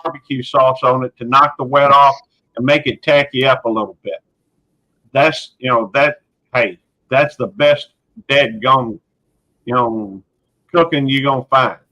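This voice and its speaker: A man's voice: medium pitch, measured pace, sharp tone, dry recording, poor audio. A man with a Southern accent from Mississippi, talking casually as a guest in a group chat in an easygoing, folksy way.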